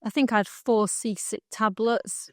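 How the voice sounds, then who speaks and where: A woman's voice: on the high side, steady tone, unhurried, no echo, clean studio sound. A middle-aged woman, co-hosting a podcast and telling a long, heartfelt story in casual chat, rambling and laughing along the way. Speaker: podcast co-host.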